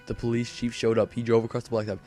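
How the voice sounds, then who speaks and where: A man's voice: medium pitch, monotone, fast talker, dark tone, soft background music. A teenage boy casually telling a rambling story over gameplay commentary, full of fillers and self-corrections. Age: teens. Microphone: desk microphone.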